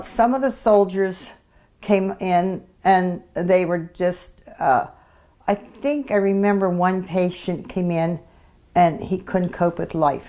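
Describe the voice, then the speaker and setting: A woman's voice: fairly low pitch, a little mellow. A woman in her eighties, a veteran interviewee, speaking reflectively in an oral history interview with frequent restarts. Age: 80s.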